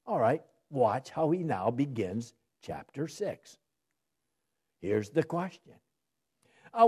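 A man delivers a Bible-teaching sermon at an unhurried pace. His voice is warm and mellow, sits slightly high, and moves through a lively pitch range. He reads verses with emphasis and asks his listeners rhetorical questions before answering them. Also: slightly rough. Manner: reads scripture aloud slowly and emphatically, then explains it. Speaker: preacher. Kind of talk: expository sermon.

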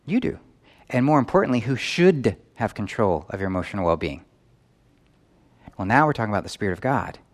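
A man's voice: lowish voice, big pitch swings, fairly quick, long pauses. A man preaching a sermon, asking the listeners question after question. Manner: asks the audience questions. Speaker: pastor. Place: church in New York.

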